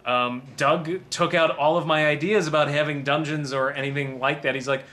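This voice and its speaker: A man's voice: a little high, fairly even intonation, normal speed, bright, forceful tone. A man giving a casual DVD commentary on his own film, rambling and self-deprecating and laughing often.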